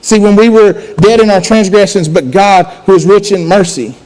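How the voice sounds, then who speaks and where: High-voiced preacher, casual and restless. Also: male voice, moderate pace, darkish tone, rough recording. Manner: conversational, repeats words and restarts often. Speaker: student pastor. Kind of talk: sermon.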